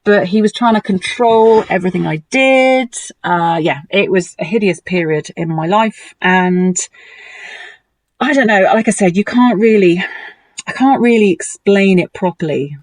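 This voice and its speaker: A woman, a guest, telling a personal story in a conversation, animated and emotional. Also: a little slow, no echo. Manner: animated and emotional, lively pitch swings.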